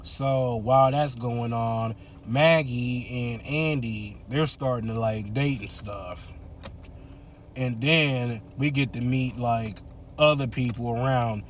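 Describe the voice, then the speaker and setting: A man's voice: medium pitch, slow, a little hiss or hum. A man casually retelling a movie plot, chatty and laughing often as he acts out the characters' lines. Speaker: movie reviewer.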